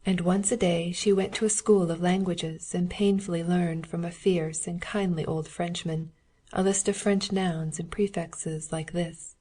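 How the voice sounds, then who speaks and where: A woman narrating a classic novel as an audiobook in a steady, measured reading. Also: on the low side, breathy edge.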